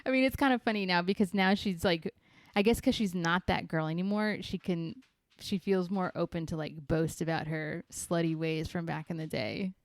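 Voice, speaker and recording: A woman's voice: fairly low pitch, steady tone, normal speed, no room sound. A woman co-hosting a podcast, chatting casually and laughing often. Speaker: podcast co-host. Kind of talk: casual chat.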